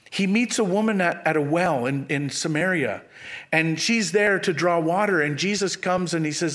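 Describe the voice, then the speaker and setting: Expressive male pastor preaching. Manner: expressive, acts out quotes with sudden pitch jumps; drops to a hushed low voice on key phrases. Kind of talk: sermon.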